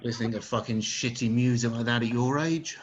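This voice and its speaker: A man's voice: mid-range voice, steady tone, brisk, slight background noise. A Scottish man doing crude, swearing one-liner stand-up comedy over a video call. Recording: dull lo-fi video call audio.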